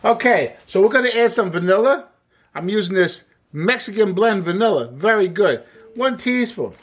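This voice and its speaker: A man's voice: high-pitched, animated, normal speed, slight background noise. A man hosting a casual cooking demonstration, chatty and upbeat as he explains each step while he works. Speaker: cooking show host. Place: home kitchen.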